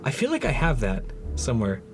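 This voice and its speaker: Playful, animated man chatting on a livestream. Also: medium pitch, brisk. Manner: playful, joking, answering chat as he works. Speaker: streamer and prop maker. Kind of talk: casual livestream chat while painting. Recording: music playing under the voice. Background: background music.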